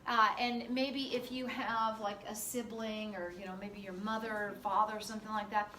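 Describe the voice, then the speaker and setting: A woman's voice: on the high side, fairly bright tone, reverberant. Woman teaching class, chatty w lots of fillers, faint background noise, sounds far from the mic. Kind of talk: classroom lecture.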